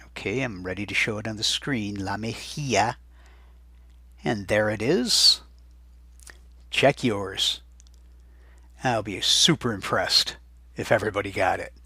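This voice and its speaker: Male teacher, low-ish husky voice, bright tone, chatty and patient, dictates each word slowly, dry close recording. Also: dry recording. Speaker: Spanish teacher. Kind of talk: recorded vocabulary lesson.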